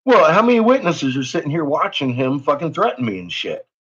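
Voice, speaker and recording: A man's voice: on the high side, huge pitch swings, fairly quick, fairly bright tone, breathy edge. Angry profane man ranting, lo-fi. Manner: profane, heated, swaggering threats. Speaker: YouTuber.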